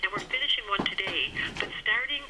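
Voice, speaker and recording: A woman's voice: medium pitch, fairly quick. A middle-aged woman hosting a radio advice show, talking animatedly and acting out what her clients say. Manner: animated, acts out quoted voices of clients. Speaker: radio show host and astrologer. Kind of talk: radio talk show monologue. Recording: radio broadcast with background noise.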